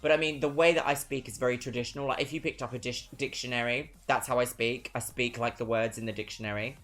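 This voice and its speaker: A streamer from Brighton with a southern English accent, chatting casually and reading out viewer messages, swinging between perky greetings and dry asides. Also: mid-range voice, fairly even intonation, fast. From Brighton, England. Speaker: livestreamer.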